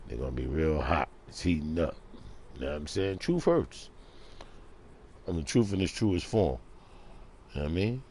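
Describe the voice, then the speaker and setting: A man ranting preachily in a casual monologue, talking low and quietly at home in the early morning. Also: lively intonation, normal speed, pauses often, slight background noise. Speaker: vlogger.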